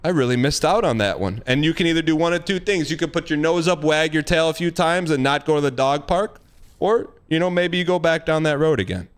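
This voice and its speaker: A man's voice: a little high, a little fast, smooth. A man streaming live and giving blunt, emphatic dating advice in casual chat, repeating himself for emphasis. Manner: emphatic, repetitive, blunt, acts out quoted lines.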